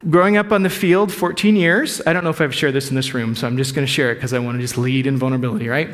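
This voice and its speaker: A man's voice: medium pitch, quick pace, fairly bright tone, in a large hall. A middle-aged male pastor giving a candid, conversational sermon, openly sharing his own struggles with the congregation. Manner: candid, conversational, self-disclosing. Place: church sanctuary.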